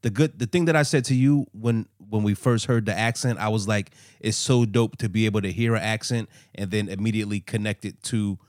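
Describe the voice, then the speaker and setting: A man's voice: lowish voice, brisk, hardly any pauses, darkish tone, dry recording, clean studio sound. A man co-hosting a podcast, telling stories in a loose, rambling way with lots of fillers. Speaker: podcast co-host. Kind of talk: casual chat.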